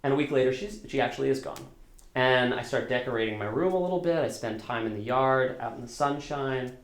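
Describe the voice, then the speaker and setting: A man's voice: mid-range voice, animated, fairly quick. Man telling a story in a roomy hall. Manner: conversational, self-deprecating, with restarts. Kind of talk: live storytelling performance. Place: stage at a storytelling concert.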